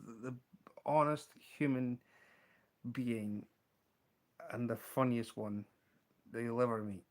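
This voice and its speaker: A man with a Scottish accent hosting a casual livestream, showing fly-tying materials and telling an animated story, laughing often. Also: mid-range voice, slow. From Scotland. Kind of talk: casual livestream chat and anecdote.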